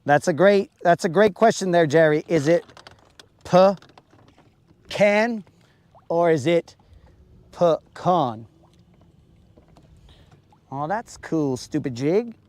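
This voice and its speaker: A man's voice: fairly high pitch, lively intonation, takes it slowly, long pauses, darkish tone. A man chatting casually on a live stream while fishing outdoors on a lake, ranting in a playful, mock-serious way and stretching out his words.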